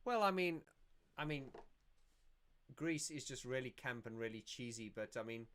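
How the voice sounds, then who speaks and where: A man's voice: mid-range voice, animated, normal speed, a bit bright. Chatty man hosting a livestream. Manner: chatty and rambling, laughs often, many restarts. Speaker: YouTube channel host. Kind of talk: casual livestream Q&A.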